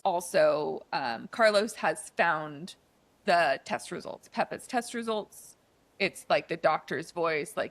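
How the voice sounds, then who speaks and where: A woman's voice: fairly low pitch, expressive, measured pace, creaky, a bit bright, dry recording. A woman co-hosting a podcast, casually retelling a movie's plot in a chatty way, with lots of "like" and "um" fillers. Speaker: podcast co-host.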